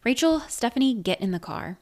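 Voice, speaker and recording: A woman voicing a hurried, apologetic mother who speaks briskly and calmly. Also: a little high, voice pushed up.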